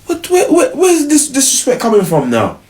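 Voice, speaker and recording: A man voicing an indignant young girlfriend who sounds shrill and outraged. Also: huge pitch swings, normal speed, a little mellow, exaggerated voice.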